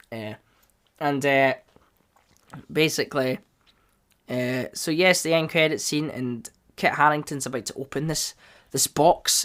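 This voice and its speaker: Excitable rambling man. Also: on the high side. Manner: excitable, rambling, bursts into loud enthusiasm. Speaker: podcast host. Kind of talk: casual solo chat.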